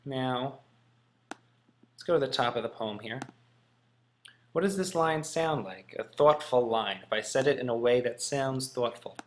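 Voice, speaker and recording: A man's voice: medium pitch, measured pace, long pauses. A man teaching in a casual, musing way, thinking aloud with frequent ums. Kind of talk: casual classroom explanation.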